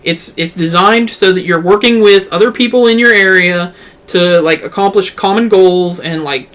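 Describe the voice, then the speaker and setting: A man's voice: high-pitched, moderate pace, fairly bright tone. A man co-hosting a podcast, chatting casually about video games with many filler words. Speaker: podcast co-host. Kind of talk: casual chat.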